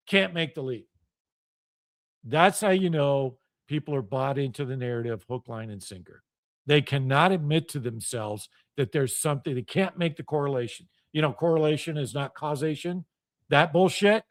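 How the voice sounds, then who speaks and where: A man's voice: fairly high pitch, normal speed, no echo, clean studio sound. A middle-aged man hosting a radio show, delivering a heated, profane solo monologue with an intense, ranting manner.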